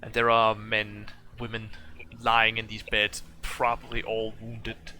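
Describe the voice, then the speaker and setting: A man's voice: on the low side, completely flat delivery, takes it slowly, bright, forceful tone, soft background music. A man running a tabletop game as game master, narrating in a loose, rambling way. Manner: loose and rambling, with fillers and restarts.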